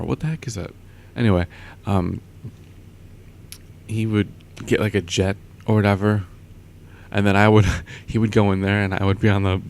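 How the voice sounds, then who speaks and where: Low-voiced young man rambling casually. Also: gravelly, darkish tone, a little hiss or hum. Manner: rambling, chuckles often, many fillers. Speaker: vlogger. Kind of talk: casual storytelling.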